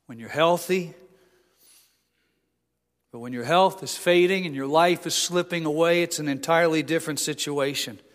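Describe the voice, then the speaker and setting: A man preaching a sermon, impassioned, building to emphatic peaks and dropping low. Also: a bit bright. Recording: long reverb of a large hall.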